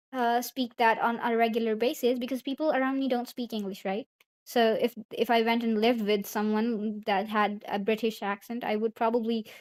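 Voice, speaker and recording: A woman's voice: on the high side, a little mellow. A young woman from India, streaming and chatting casually, rambling as she answers chat messages aloud.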